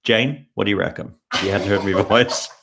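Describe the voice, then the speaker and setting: Chatty English man, low voice. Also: steady tone, normal speed, vocal fry, background noise. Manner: chatty, playful, jokey. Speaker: livestream host. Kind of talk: casual live Q&A chat.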